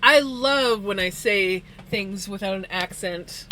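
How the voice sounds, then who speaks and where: Woman, streamer, slow and bright, laughs a lot between words; easygoing live chat. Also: mid-range voice, slight background noise, rough recording. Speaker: livestreamer. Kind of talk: casual chat with viewers while spinning wool. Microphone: streaming setup.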